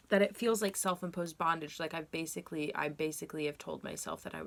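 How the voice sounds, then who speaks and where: A woman's voice: deep voice, fast talker, hardly any pauses. A young woman giving a casual tarot reading to camera, candid and rambling, with frequent ums and self-corrections. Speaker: tarot reader.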